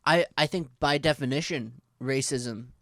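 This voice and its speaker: A man's voice: mid-range voice, normal speed, sharp tone, no room sound, clean studio sound. An American man co-hosting a casual podcast chat, thinking aloud in a rambling way with many likes and restarts. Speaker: podcast co-host.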